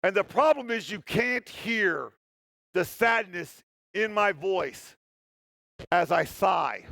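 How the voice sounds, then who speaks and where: A man with a high, gravelly voice tells a story on stage in a conference talk. He jokes often and pokes fun at himself. His voice sounds dry and close. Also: slow pace, no echo. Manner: animated, joking, self-deprecating. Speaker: security tester giving a talk. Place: stage in a hall.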